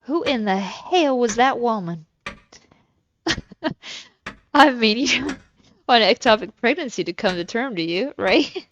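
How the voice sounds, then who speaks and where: Woman streamer reading game text real slow, dry wry comments, hissy noisy mic. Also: on the high side, animated, a bit bright.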